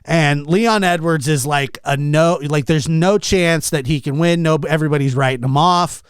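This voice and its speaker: A young man hosting a podcast, telling a story in a casual, animated and exasperated way, acting out what others said. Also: fairly high pitch, moderate pace, smooth, no echo. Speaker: podcast host.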